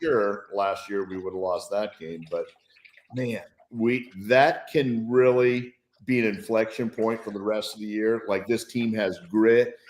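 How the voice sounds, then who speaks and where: A man with a fairly low voice, speaking as a guest analyst on a sports talk show. He talks things through with eager, reflective enthusiasm. His voice carries a roomy echo. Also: fairly even intonation, a little slow. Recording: roomy, echoey sound.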